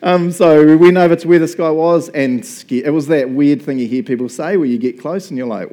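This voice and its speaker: A man in his fifties, a pastor giving a casual, story-driven sermon, chatty and quick to laugh. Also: fairly high pitch, mellow, rough recording. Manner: casual and chatty, laughs often, says "right?" and "bro".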